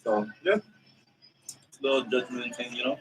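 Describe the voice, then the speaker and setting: A man's voice: medium pitch, fairly even intonation, moderate pace, distant mic, a little hiss or hum, rough recording. A man co-hosting a podcast in casual chat, joking around and prodding the others for details. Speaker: podcast co-host.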